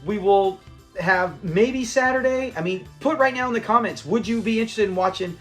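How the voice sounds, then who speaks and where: Over faint background music, a channel host with a high-pitched voice talks at a moderate pace about a classic sitcom. He's casual and enthusiastic, rambling along with frequent restarts and quoted lines.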